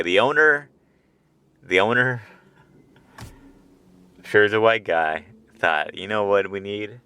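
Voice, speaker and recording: A man with a sharp-toned, somewhat low voice hosts a podcast, spinning a wandering, foul-mouthed comic monologue punctuated by chuckles. He recorded it with a handheld portable recorder while sitting in a parked car at night.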